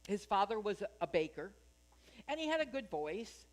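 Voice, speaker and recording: A woman's voice: mid-range voice, very animated, moderate pace. A woman minister giving a sermon at a spiritual center, chatty and joking, asking her congregation questions.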